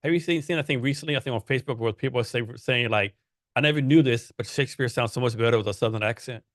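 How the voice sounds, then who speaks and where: Man, podcast host, rambling questions, mid pitch, dry sound. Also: fast, dry recording. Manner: rambling questions with many fillers. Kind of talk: casual interview chat.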